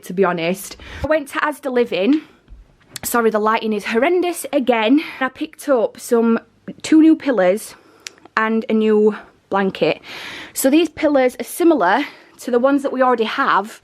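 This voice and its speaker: A young pregnant woman, chatting casually in a home vlog, rambling and out of breath. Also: on the high side. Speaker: vlogger. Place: home living room and nursery, indoors.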